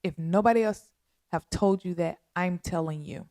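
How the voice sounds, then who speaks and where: A woman hosting a podcast, making a heartfelt spoken appeal in a slow, earnest, pleading way with a lot of repetition. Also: lowish voice, mellow, no room sound, studio quality. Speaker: podcast host.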